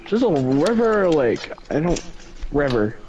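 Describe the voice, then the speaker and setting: A man's voice: on the high side, big pitch swings, a little mellow, muffled recording, slight background noise. A man chatting casually during a video game, often stumbling and restarting his words. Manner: halting, stumbles over words. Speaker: gamer. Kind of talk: casual gaming chat.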